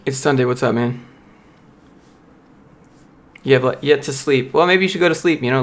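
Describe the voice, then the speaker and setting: A man's voice: mid-range voice, moderate pace, long pauses. A young man on a casual livestream, reading and answering viewer chat in a blunt, motivational way. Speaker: streamer, software developer.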